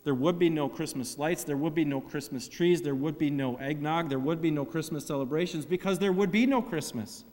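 High-voiced preacher in a reverberant hall. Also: male voice. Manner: dramatic, swings from loud emphasis to hushed, slow phrasing. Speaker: pastor. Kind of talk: sermon.

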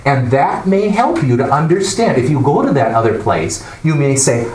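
Man leading a Bible study, lively pitch, echoey room, mic far off, faint hiss. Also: normal speed, few pauses. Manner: animated, explanatory, asks the class questions. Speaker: Bible class teacher. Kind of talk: classroom teaching.

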